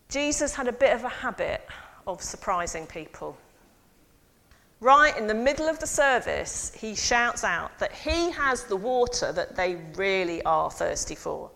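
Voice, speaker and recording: A woman priest giving a lively sermon and involving her congregation. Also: medium pitch, measured pace, vocal fry. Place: church. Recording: long church reverb.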